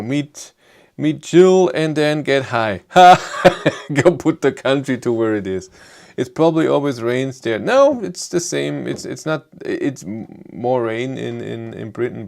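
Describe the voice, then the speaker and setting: A man with a German accent, hosting a live stream and chatting with viewers in English in a halting, rambling way. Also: mid-range voice, creaky, a little mellow. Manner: rambling, halting, frequent restarts. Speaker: YouTube car channel host.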